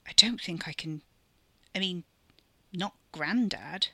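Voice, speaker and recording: A woman voicing a weary young woman who speaks flatly and hesitantly. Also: fairly low pitch, takes it slowly, no room sound, heavily acted. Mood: doubtful. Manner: flat, hesitant, mumbling.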